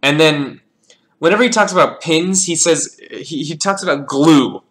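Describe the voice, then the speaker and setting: A man's voice: on the high side, normal speed, a bit bright. A man casually reviewing his own chess games, thinking aloud as he calls out the moves and often repeating words. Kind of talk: casual game analysis.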